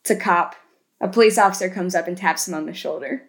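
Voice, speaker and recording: A woman co-hosting a casual podcast, retelling film scenes in an animated way and tagging lots of questions. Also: on the low side, fast talker. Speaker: podcast co-host.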